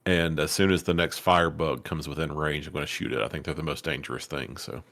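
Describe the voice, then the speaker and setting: A man playing a tabletop game, relaxed and thinking aloud as he plans his turns. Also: a bass voice, quick pace. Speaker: player. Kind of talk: casual tabletop game play.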